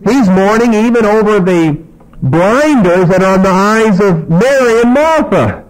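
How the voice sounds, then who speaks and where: A man's voice: sits high, expressive, moderate pace, poor audio. A man preaching a sermon, reading scripture aloud and acting out the dialogue with emphasis.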